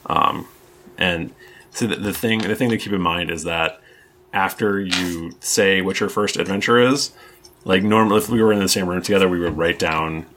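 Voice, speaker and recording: A man's voice: low-pitched, normal speed, fairly bright tone, a little hiss or hum. A man running a tabletop game as game master, explaining the rules in a rambling way with many restarts. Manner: rambling, lots of ums and restarts.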